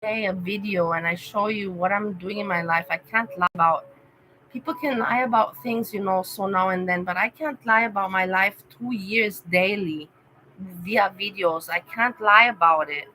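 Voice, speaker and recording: Woman streamer, unscripted and emotional, talks straight to her chat in a bright, pushing voice. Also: medium pitch, normal speed, a little hiss or hum, poor audio. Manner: rambling and emotional, thanking and addressing chatters by name. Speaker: vlogger chatting with live viewers. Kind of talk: casual livestream chat.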